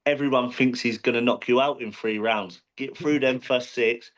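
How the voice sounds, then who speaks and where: A professional boxer being interviewed, talking casually with many restarts and fillers. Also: male voice, medium pitch, steady tone, normal speed. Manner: rambling, frequent restarts and fillers.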